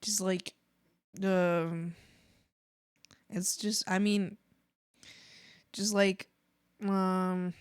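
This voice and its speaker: A woman's voice: mid-range voice, flat delivery, very slow, pauses often, clear, resonant tone. A woman art streamer chatting casually while drawing, playful and rambling with silly jokes.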